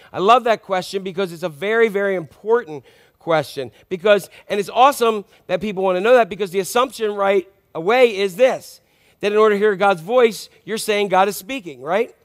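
A man with a high-pitched voice gives a sermon. He keeps it conversational and checks in with his listeners through frequent questions. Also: a little fast. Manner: conversational, asks the congregation questions. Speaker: pastor.

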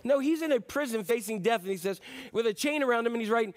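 Man, high voice, middle-aged, pastor, conversational sermon, rhetorical questions, church. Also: lively intonation, fast. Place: church before a congregation.

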